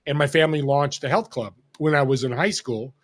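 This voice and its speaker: A man in his sixties from Northern California, a podcast guest telling a story in an animated way and acting out the people he quotes. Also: medium pitch, fairly quick. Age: 60s. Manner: animated, acts out quoted dialogue. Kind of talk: casual storytelling.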